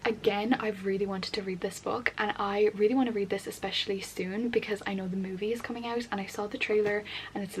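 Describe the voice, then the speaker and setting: A young woman chatting in a casual book vlog, gushing and excitable, often dropping to a soft near-whisper. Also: medium pitch, background noise. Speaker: book vlogger. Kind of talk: casual reading vlog chat.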